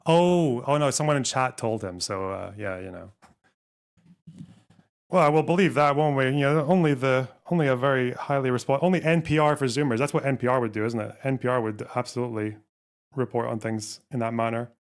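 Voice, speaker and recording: A man's voice: mid-range voice, fairly quick. A man streaming and reacting to a clip, combative, profane and sarcastic. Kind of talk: live stream reaction commentary.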